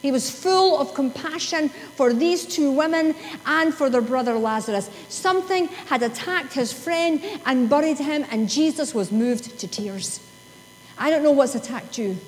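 High-voiced woman preaching in a hall. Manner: emphatic, with sudden drops to soft slow reading. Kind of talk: sermon. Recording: long hall reverb, faint hum.

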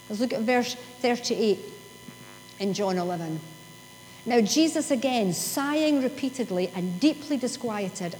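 A high-pitched woman delivers a sermon in a church hall. She preaches with rising emphasis and then drops quietly to read scripture slowly. Her voice carries a long reverb over a faint background hum. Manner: emphatic, with sudden drops to soft slow reading.

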